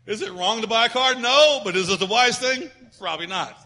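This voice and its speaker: Middle-aged male preacher with a high, bright voice, folksy and dynamic, from loud punches to soft asides. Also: lively intonation, a little fast. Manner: conversational preaching with humorous personal stories; dynamic, swings between loud emphasis and quiet asides. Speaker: pastor. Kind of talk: sermon.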